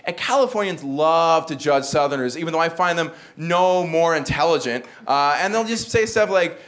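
Live on stage with the audience laughing, a stand-up comedian from the American South, who has no regional accent, delivers his set in a dry, self-mocking way. His voice is fairly high and expressive, fairly bright in tone, at a moderate pace with few pauses.

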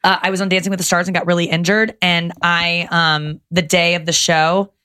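Lively, swearing woman telling stories. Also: on the low side, fairly quick, clean tone. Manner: animated storytelling with frequent swearing. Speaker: guest. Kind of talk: casual podcast chat.

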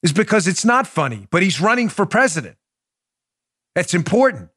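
A man hosting a political talk podcast, his voice sitting somewhat high for a man. He argues with emphatic indignation and speaks straight to his audience. The recording is close and dry, with almost no room sound. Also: big pitch swings, moderate pace, fairly bright tone, breathy edge, no echo. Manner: emphatic, indignant, addresses listeners directly. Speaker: podcast host. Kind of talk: political commentary show.

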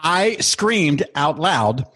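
A man's voice: on the high side, sing-song, very slow, bright, forceful tone, husky. A man in his fifties, a podcast guest, joking and laughing through casual chat. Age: 50s.

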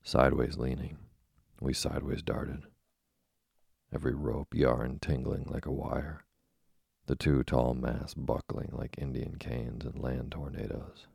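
A man reading a classic sea novel aloud in a measured, dramatic storytelling manner. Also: extremely low pitch, level tone, gravelly, a little mellow, husky, no room sound, studio quality. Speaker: narrator.

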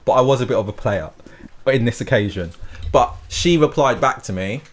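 A man hosting a podcast, chatting casually and laughing through his stories. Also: mid-range voice. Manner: chatty, laughing, quick asides. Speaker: podcast host.

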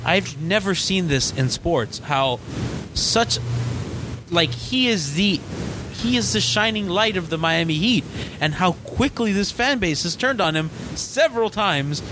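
A young man in his twenties, somewhat high-voiced and very animated, his pitch leaping around as he gets worked up. He talks casually and fast among friends about sports. A clear background rumble and noise run under his voice. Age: 20s. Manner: animated, rising to excited squeals. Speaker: podcast co-host. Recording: noisy background with low rumble.

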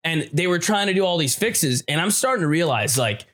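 Comedian co-host, male, slightly high voice, animated storyteller. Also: brisk. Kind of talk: casual storytelling chat.

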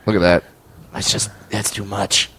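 A man's voice: fairly low pitch, level tone, moderate pace, gravelly, fairly bright tone, husky, dry recording, poor audio. A man co-hosting a casual podcast chat, eagerly agreeing and chiming in. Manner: eager agreeing, lots of yeahs.

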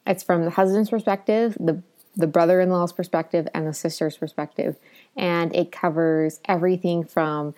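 A woman's voice: fairly low pitch, a little mellow. A woman co-hosting a casual book podcast, talking enthusiastically with many fillers. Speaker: podcast co-host. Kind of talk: casual book review chat.

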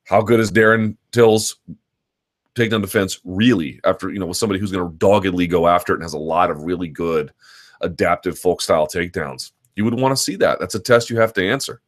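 Deep-voiced man analyzing fights, thinking aloud. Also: quick pace. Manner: analytical, talks in long, looping sentences with restarts. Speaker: host of a combat sports live chat. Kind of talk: unscripted live-stream commentary.

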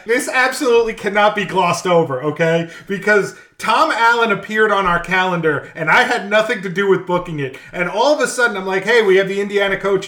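A man's voice: high-pitched, pushed and bright. A man co-hosting a casual podcast, teasing and matter-of-fact. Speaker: podcast co-host. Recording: echoey room.

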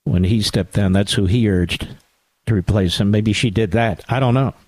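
A man hosting a talk radio show, delivering a sarcastic, animated political monologue with asides to his producer. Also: lowish voice, moderate pace, dry recording.

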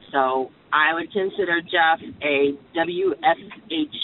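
Playful caller on a slow phone message. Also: female voice, sits low. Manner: playful, spelling out letters. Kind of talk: voicemail message. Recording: phone line with faint noise.

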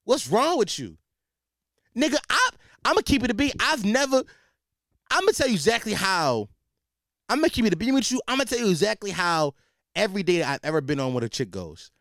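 High, lively young man ranting. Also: fairly quick, long pauses, dry recording, studio quality. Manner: animated, profane, slangy, repeats himself. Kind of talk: comedic rant.

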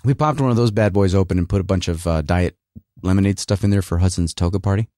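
A man's voice: low voice, fast, warm tone, no room sound. Rambling sarcastic man, dry sound. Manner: rambling, sarcastic, lots of fillers and restarts. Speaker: podcast host and working actor. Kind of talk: casual solo rant.

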